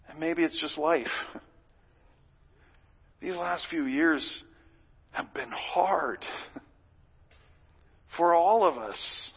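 A man's voice: a little high, extremely slow, pauses often, slightly rough, muffled recording. Earnest male pastor preaching in a hall. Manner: earnest, swinging from loud pleading to hushed whispers. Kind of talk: sermon.

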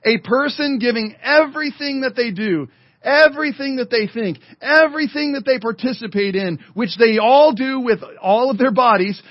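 A man preaching a sermon as pastor, speaking emphatically to the congregation and online viewers, slowing down and dropping to a murmur for effect. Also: extremely high pitch, no echo. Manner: emphatic preaching with dramatic slowdowns and drops to a murmur. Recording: dull lo-fi sermon audio.

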